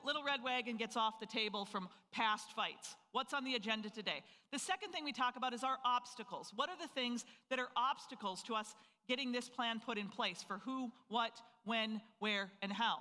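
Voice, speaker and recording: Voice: mid-range voice, pushed and bright, long reverb tail. A financial planning presenter from North Dakota giving a live seminar and firing rhetorical questions at the audience. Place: event hall with a live audience.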